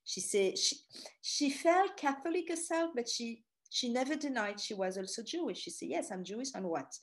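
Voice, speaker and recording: A middle-aged woman from France with a French accent, telling stories in an animated, chatty presentation full of asides. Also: a little high, normal speed. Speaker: tour guide giving a talk. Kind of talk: storytelling presentation.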